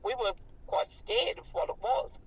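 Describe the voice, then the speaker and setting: A breathy-voiced Australian woman in her fifties, recounting events in a casual, animated way and swearing freely. Her voice sits a bit high for a woman. She sounds set back from the microphone over a thin call line. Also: normal speed, distant mic, low-quality recording. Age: 50s. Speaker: interviewee recounting a sighting. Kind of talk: casual storytelling interview.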